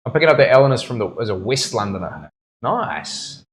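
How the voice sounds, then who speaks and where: A man's voice: medium pitch, sing-song, a little fast, a little hiss or hum. A man with a New Zealand accent, a tattoo artist chatting casually and bantering with laughter in his studio. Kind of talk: casual chat while tattooing.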